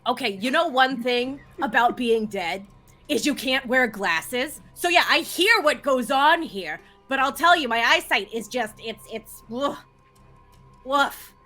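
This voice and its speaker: A woman's voice: sits high, expressive, unhurried, pushed and bright, soft background music, heavily acted. A woman voicing the gossipy ghost of an old small-town woman, with a Southern US accent and rambling, folksy chatter. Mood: chatty. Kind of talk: tabletop role-play.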